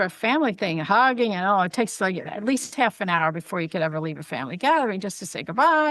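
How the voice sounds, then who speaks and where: A middle-aged woman, a podcast guest and author, chatting casually and telling personal stories in an animated way. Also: fairly low pitch, a little fast, few pauses, dry recording. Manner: animated storytelling, chatty asides. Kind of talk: casual chat.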